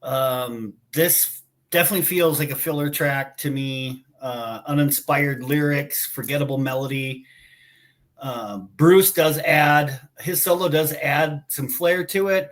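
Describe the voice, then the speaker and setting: A man's voice: medium pitch, unhurried, fairly bright tone. A man giving his song rankings in a casual chat, hesitant and full of fillers. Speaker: podcast co-host.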